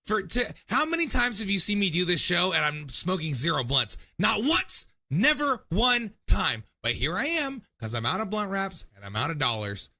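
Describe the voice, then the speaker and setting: A man's voice: high-pitched, big pitch swings, moderate pace, creaky, few pauses, sharp tone. A man hosting a call-in livestream, chatting casually in a rambling, profane, loose way while tipsy. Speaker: livestream call-in show host.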